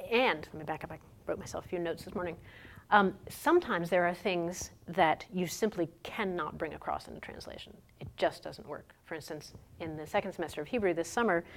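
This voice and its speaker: A woman teaching about biblical languages in a relaxed, conversational way, thinking aloud with fillers and restarts. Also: lowish voice, creaky. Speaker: Hebrew teacher. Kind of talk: informal talk on biblical languages.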